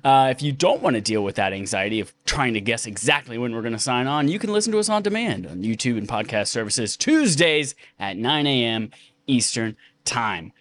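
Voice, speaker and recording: A man's voice: mid-range voice, expressive, fairly quick, a bit bright, slight background noise. A man hosting a gaming podcast in casual, joking, rambling chat. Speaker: podcast host.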